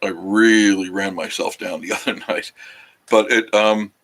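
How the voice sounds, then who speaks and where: A man's voice: lowish voice, steady tone, unhurried, fairly bright tone. Tired, rambling man chatting with viewers. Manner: rambling, chatty, loses his train of thought. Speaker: travel vlog host. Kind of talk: casual live-stream chat with viewers. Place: cabin living room, sitting on a couch.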